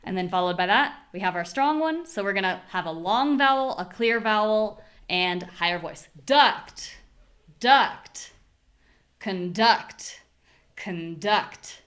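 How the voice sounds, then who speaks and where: A young woman with an American accent leads a live online pronunciation lesson. She explains word stress plainly and demonstrates each syllable with careful, deliberate repetition. Her voice sits at a middling pitch. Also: expressive, a bit bright. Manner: clear, demonstrative, repeats syllables slowly for drills. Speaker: pronunciation teacher.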